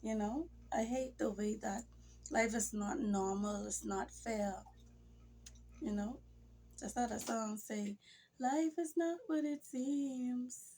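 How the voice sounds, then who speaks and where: Speaking casually to her camera, a vlogger rambles emotionally in a medium-pitched voice that is creaky, a little mellow and slightly rough. She has a cold and now and then sinks to near-whispers, recorded on a phone or camera mic.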